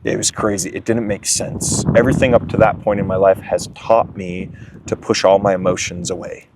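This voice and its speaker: A man's voice: deep voice, fairly even intonation, moderate pace, heavy background noise. A young man sharing his recovery story in a candid, emotional way as an interview guest. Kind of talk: candid testimony.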